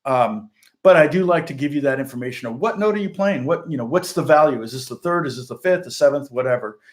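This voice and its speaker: A man's voice: medium pitch, expressive, fast talker. A middle-aged man, a guitar teacher hosting a casual livestream chat, rambling and laughing often. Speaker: guitar teacher and channel host.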